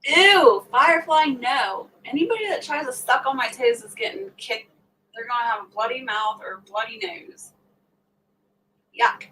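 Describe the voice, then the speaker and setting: A woman's voice: on the high side, normal speed, sharp tone. A middle-aged woman hosting a casual livestream, chatting and laughing with viewers and acting out what others said. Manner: chatty and laughing, acts out quoted talk. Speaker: livestream host. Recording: voice a bit distant from the mic, faint background noise.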